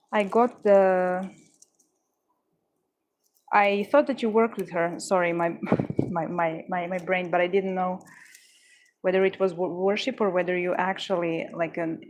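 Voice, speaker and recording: A woman's voice: on the low side, fairly even intonation, slow, long pauses, a little mellow, a little hiss or hum. A woman hosting a livestream, chatting casually with viewers and stuttering, with frequent restarts and fillers. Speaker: livestream host. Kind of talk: casual chat answering viewers.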